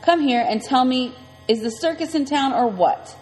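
A woman's voice: high-pitched, moderate pace, darkish tone, lightly acted. Woman doing a wheedling chain-smoking woman. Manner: talks out of the side of her mouth, wheedling. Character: scrawny, nosy, frightened chain-smoking woman. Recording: long reverb, faint music.

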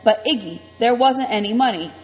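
A woman's voice: a little high, normal speed, natural voice. A woman voicing a scrawny, nosy chain-smoking woman who talks out of the side of her mouth. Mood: wheedling. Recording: long reverb, faint music.

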